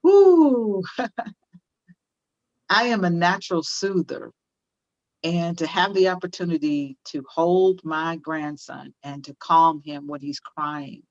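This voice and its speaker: A woman's voice: deep voice, slow pace, long pauses, dull audio. An older woman speaking as an interview guest on parenting, emphatic and repeating phrases for stress. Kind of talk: conversational interview, teaching tone.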